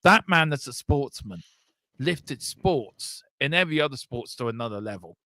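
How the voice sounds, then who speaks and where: A man hosting a football watchalong, chatting casually in a rambling, animated way and swearing now and then. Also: mid-range voice, normal speed, no room sound. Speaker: watchalong host.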